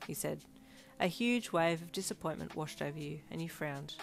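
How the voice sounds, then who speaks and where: A woman reading aloud a fanfiction story in a calm, even storybook narration. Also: low voice, normal speed, gravelly, faint music behind. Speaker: fanfiction reader.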